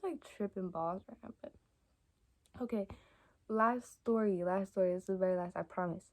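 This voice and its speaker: A woman's voice: medium pitch, darkish tone. Chatty young woman telling stories. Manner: chatty and rambling, many fillers like "like" and "y'all". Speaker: vlogger. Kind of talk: casual storytime chat to camera.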